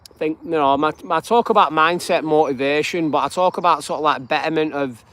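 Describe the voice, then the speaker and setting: A man's voice: on the high side, fairly quick, a bit bright. A man from northwest England with a northern English accent, chatting casually and rambling as he hosts a live stream on a dog walk outdoors. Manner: rambling and chatty, greets viewers by name. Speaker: live-streaming channel host.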